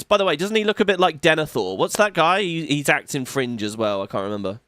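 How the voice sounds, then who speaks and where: A man's voice: on the high side, lively intonation, fast, few pauses, a bit bright, no echo, studio quality. Playful man riffing on a game trailer. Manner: playful, swears, acts out voices. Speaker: gaming YouTuber. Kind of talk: comedic commentary on a game trailer.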